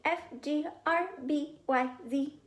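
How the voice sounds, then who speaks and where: A woman voicing a playful, chatty toddler boy in a storybook reading, with a high, singsong delivery. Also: fairly even intonation, slow, echoey room.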